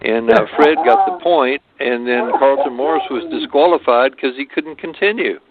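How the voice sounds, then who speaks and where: An older man who is a martial arts guest recounts stories in an interview, rambling with many hesitations and restarts. His mid-range voice moves at normal speed over a phone-like lo-fi line, with crowd noise behind him.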